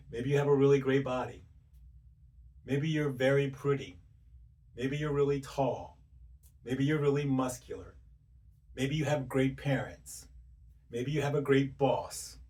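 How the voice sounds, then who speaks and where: A man delivers a motivational monologue straight to his listener, stacking one pointed rhetorical question on another. His pitch sits in an everyday middle range. The voice sounds a little distant, as though he stands back from the microphone. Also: darkish tone. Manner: rapid-fire rhetorical questions, direct and emphatic. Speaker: self-help speaker.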